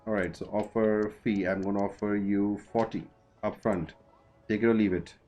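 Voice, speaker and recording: A man streaming a football management game, chatting casually and haggling out loud with the players he signs. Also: on the low side, steady tone, moderate pace, faint music behind. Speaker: gaming streamer.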